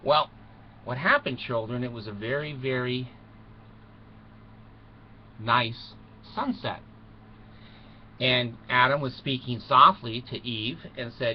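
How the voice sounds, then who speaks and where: A man's voice: medium pitch, slow, pauses often. A man telling a mock bedtime story to children in a folksy, rambling way, full of chuckles and asides. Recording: muffled recording with faint noise.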